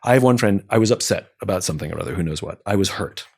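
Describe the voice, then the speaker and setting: A man guesting on a podcast, telling a story in an animated, conversational way and acting out the people he quotes. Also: low-pitched, racing, gravelly, slightly rough, no echo, clean studio sound. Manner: animated, acts out quoted exchanges in different voices.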